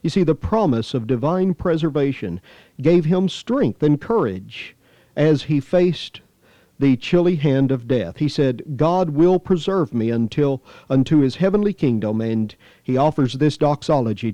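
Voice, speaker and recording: A man's voice: medium pitch, mellow, no echo. A man preaching a sermon with scripture readings, earnest and emphatic, rising on key phrases. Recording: slightly dull lo-fi dry recording.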